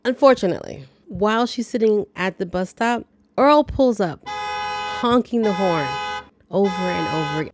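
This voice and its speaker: A woman's voice: medium pitch, expressive, moderate pace, a little hiss or hum. A woman hosting a casual movie recap, chatty, with playful asides and reactions to the story. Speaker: movie review host.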